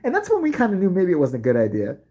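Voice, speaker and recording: A woman's voice: fairly low pitch, wildly swooping pitch, rapid-fire, dark tone. A middle-aged woman telling a profane comic story about her school days, brash and laughing as she goes.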